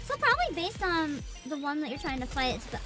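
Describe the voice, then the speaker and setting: A young woman streaming a game from home, with a very high voice that bounces around as she giggles and swears in excitement. Her talk runs unhurried between outbursts, and game music sits clearly behind her. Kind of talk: casual live-stream gaming chat. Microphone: desk mic with headphones.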